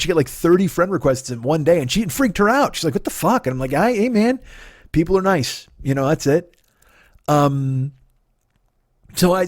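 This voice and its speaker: A man's voice: dry recording, studio quality. A man in his forties hosting a comedy podcast, ranting with a lot of swearing and mocking. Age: 40s. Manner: mock voices for others, high and loud. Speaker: podcast host. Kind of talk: comedic rant.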